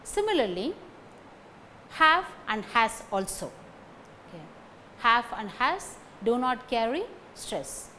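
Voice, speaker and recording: Slow Indian woman teacher drilling stress. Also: a little high, very animated, bright, forceful tone, a little hiss or hum. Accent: Indian English. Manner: repeats each sentence, then stresses key words sharply. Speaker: phonetics teacher. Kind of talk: slow recorded lecture with drilled example sentences.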